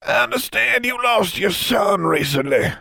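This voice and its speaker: A man's voice: high-pitched, animated, measured pace, vocal fry, pushed and bright, no room sound, pitched above the performer's own voice, exaggerated voice. A man voicing a hateful, very old male wizard who speaks in a dry, conversational tone. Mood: contemptuous.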